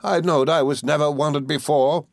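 A man's voice: mid-range voice, normal speed, no echo, studio quality, voice pushed up, natural voice. A man voicing a gloomy, self-pitying old widow who whines and mourns. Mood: mournful. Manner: whiny, mournful complaining.

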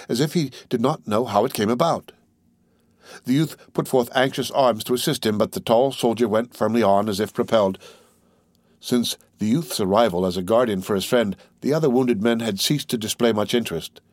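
A man narrating a classic novel as an audiobook in a measured, even reading. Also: fairly low pitch, no echo, studio quality.

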